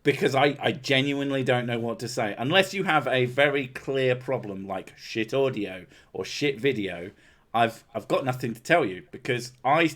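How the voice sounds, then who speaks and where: Podcast host, male, ranting and profane, average pitch. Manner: ranting, swears a lot. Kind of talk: casual podcast chat.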